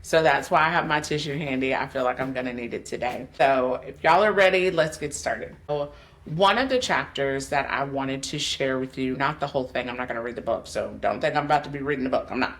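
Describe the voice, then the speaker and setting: A woman's voice: a bass voice, fairly quick. A woman life coach hosting her podcast, speaking candidly and emotionally and addressing her listeners directly. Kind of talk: personal motivational podcast monologue.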